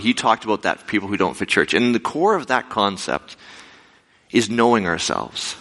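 A man preaching to a congregation, telling a story with a bright, forceful tone and pitch that swings constantly. He acts out quotes with jumps in his voice. The sound carries a long reverb, as in a big hall. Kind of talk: storytelling sermon.

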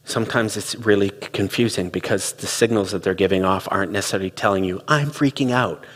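A man's voice: sits low, level tone, fast, fairly bright tone, long reverb tail. A middle-aged man giving a reflective, conversational talk, telling stories and acting out quoted dialogue. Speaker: speaker on relationships.

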